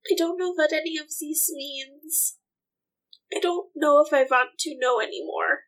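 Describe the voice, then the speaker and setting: A frightened young heroine pleads in a high, shaky voice, as a woman puts her on. She speaks slowly, raised well above her usual voice, for a tabletop game. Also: poor audio. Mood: pleading.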